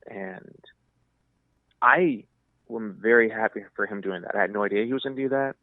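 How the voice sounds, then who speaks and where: A man with a lowish voice tells stories in a relaxed, lively way and slips into the voices of the people he quotes. The sound is thin and narrow, like a phone line, and very dry, with no room around it. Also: moderate pace, long pauses, no room sound. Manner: lively storyteller, acts out quotes. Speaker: podcast guest. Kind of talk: casual storytelling chat.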